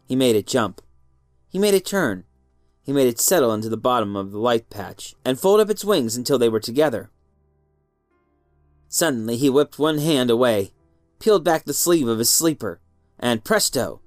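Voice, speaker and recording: A man reading a story aloud with an expressive, lilting delivery. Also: mid-range voice, normal speed, long pauses, no room sound, studio quality. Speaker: narrator. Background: faint music.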